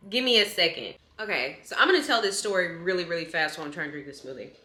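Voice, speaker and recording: Chatty young woman telling a story. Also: fairly quick. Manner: chatty, animated storytelling, rising high when indignant. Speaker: vlogger. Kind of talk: casual storytime chat. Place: small studio apartment kitchen, indoors. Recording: echoey room.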